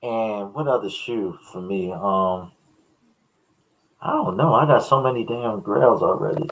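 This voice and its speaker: A man's voice: on the low side, unhurried, fairly bright tone, low-quality recording. A man hosting a casual panel chat, talking in a laid-back, slangy way.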